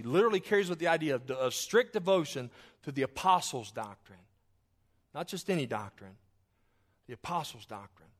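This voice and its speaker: A man preaching a sermon to his church, swinging from loud declarations to hushed asides. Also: medium pitch. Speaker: pastor. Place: church sanctuary, also streamed online.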